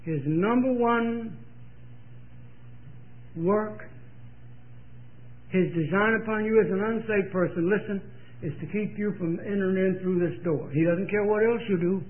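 A man's voice: sits high, unhurried, long pauses. An older man preaching a sermon, telling a story with emphatic repetition and speaking straight to his listeners. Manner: emphatic storytelling, repeats phrases, direct address. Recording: tinny lo-fi sermon recording.

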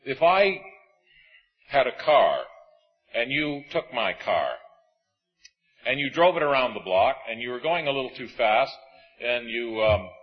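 A man preaching a sermon to a congregation in an auditorium, animated and acting out voices of the people in his stories. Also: mid-range voice, slightly rough, highs cut off.

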